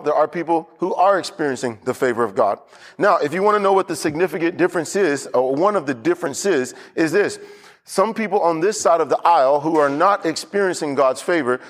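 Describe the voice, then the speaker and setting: A man with a somewhat high voice gives a relaxed, off-the-cuff sermon as the pastor. He talks to the congregation directly, stopping to correct himself and circling back to repeat key phrases. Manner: loose, unscripted preaching with restarts and asides.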